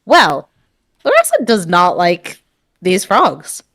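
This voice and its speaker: A woman's voice: lowish voice, huge pitch swings, slow, a bit bright, no room sound, studio quality. A woman playing a tabletop game, talking in a playful way. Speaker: player.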